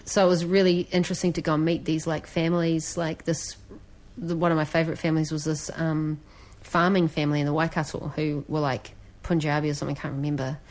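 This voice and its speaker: Chatty New Zealand woman, low-pitched. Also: level tone, fast, few pauses, a little mellow. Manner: chatty, rambling, frequent "like" and "you know". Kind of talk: casual chat.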